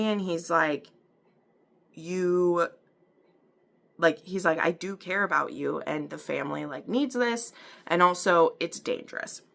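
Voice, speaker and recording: Brief: Midwestern woman, TV recap host, chatty and animated, bright gravelly tone, lowish pitch. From American Midwest. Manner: chatty, animated, many fillers and acted-out quotes. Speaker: book and TV reviewer. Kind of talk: casual recap and review.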